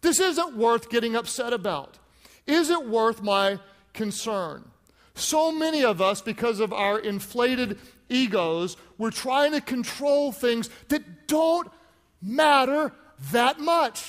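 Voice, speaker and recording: A man delivers a lively sermon, his voice sitting high for a man. He pushes hard on key points and calls out to the congregation. Long reverb from a large church hall trails every phrase. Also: measured pace. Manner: animated, rises to shouts for emphasis, calls on the congregation. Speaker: pastor.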